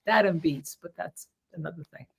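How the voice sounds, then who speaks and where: A woman's voice: on the low side, moderate pace, creaky, breathy edge. A woman trial lawyer with a New Jersey accent, co-hosting a casual legal commentary show, chatty with many fillers and restarts.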